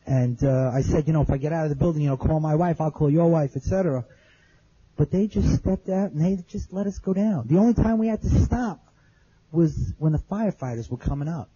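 A man's voice: fairly high pitch, fairly quick, mellow, husky, dull audio. A man telling an audience his survival story in plain, earnest words, repeating phrases as he remembers. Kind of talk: spoken testimony to an audience.

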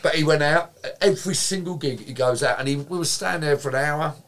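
Lively man telling stories. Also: a little high, fairly quick. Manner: animated, swears freely, acts out quotes, laughs while telling. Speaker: guest. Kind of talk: anecdotal storytelling in casual chat.

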